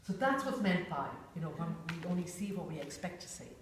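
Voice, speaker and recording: A woman's voice: fairly low pitch, big pitch swings, brisk. Woman teaching in an echoey room. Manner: chatty, many "you know"s, acts out little voices. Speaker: workshop facilitator. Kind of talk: informal workshop talk. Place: large echoey room with a group. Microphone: distant room mic. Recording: echoey room, far from mic, faint hiss.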